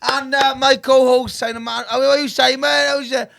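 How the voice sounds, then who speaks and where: High, gravelly male podcast host. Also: little pitch movement, moderate pace. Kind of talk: casual podcast banter. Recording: noisy podcast recording.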